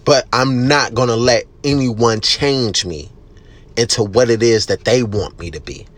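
A man hosting a casual solo podcast, ranting bluntly with heavy cursing, emphatic and loud at times. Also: mid-range voice, a little slow. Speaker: podcast host.

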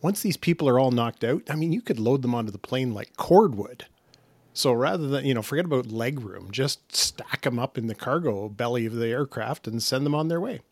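A man, the show's technical producer, earnestly pitching a silly business idea with small hesitations. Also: animated, brisk, no room sound. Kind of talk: comedy podcast banter.

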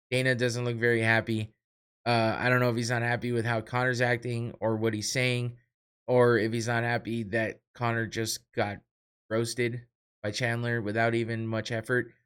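A man's voice: medium pitch, a bit bright, smooth. A man hosting a casual sports podcast, talking loosely and swearing often as he mocks a fighter. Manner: profane, laughing, mocking. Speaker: podcast host.

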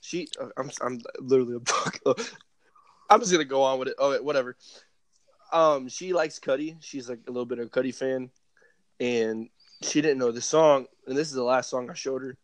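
A man's voice: medium pitch, normal speed, no room sound. A man co-hosting a podcast in casual chat, rambling and swearing freely as he gets emotional. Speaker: podcast co-host.

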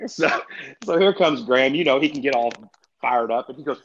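Fast-talking laid-back man, muffled audio. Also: medium pitch, slight background noise. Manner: laid-back, chatty, laughs through his stories. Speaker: retired golfer guest. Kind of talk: casual podcast storytelling.

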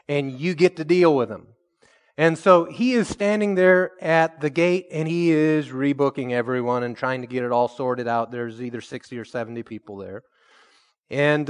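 A man preaching a sermon, telling a story and slowing down to stress key words. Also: fairly high pitch. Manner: storytelling preacher, slows for emphasis and rises when excited. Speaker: pastor.

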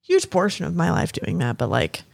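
A woman co-hosting a casual faith podcast, agreeable and quick to laugh. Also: on the low side, huge pitch swings, creaky, no echo, clean studio sound. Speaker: podcast co-host.

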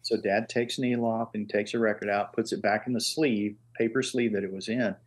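An older man with a husky, somewhat low voice spins stories as a guest in a relaxed conversation. He talks in an animated way and slips into the voices of the people in his tales. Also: brisk. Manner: animated storyteller who acts out quoted voices. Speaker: guest, master engraver. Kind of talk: casual storytelling.

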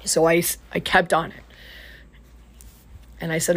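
A woman's voice: on the low side, level tone, unhurried, a bit bright. A woman life coach and podcast host telling a client story in a casual, earnest way. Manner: earnest, retells conversations with acted quotes.

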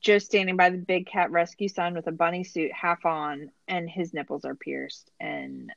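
A woman's voice: fairly low pitch, expressive, moderate pace, no echo, highs cut off. A woman hosting a casual podcast, recapping a show in a laughing, incredulous way, with lots of "like". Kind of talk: casual chat.

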